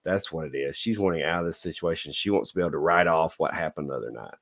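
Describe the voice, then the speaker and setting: A man's voice: rumbling low, quick pace, gravelly. A man telling a dating story in a blunt, folksy way, lecturing listeners with a repeated "okay?". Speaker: dating advice vlogger. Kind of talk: casual storytelling monologue.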